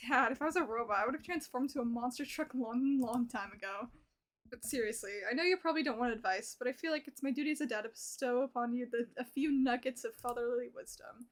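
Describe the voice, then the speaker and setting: A woman voicing a kind, gently dorky middle-aged single dad in a dating game, speaking earnestly and reassuringly. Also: a little high, quick pace, close to an everyday voice.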